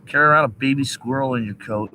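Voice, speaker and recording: A man live streaming from a park, rambling and swearing while high. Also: fast talker, bright, forceful tone, a little hiss or hum, poor audio. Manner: rambling, profane, sing-song asides. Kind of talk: rambling outdoor livestream chat. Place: park outdoors.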